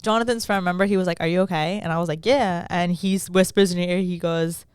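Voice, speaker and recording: A woman's voice: on the low side, steady tone, fast, darkish tone, smooth, no echo. A woman co-hosting a podcast, chatting in a laid-back way and recounting conversations, laughing often. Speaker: podcast co-host. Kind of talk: casual chat.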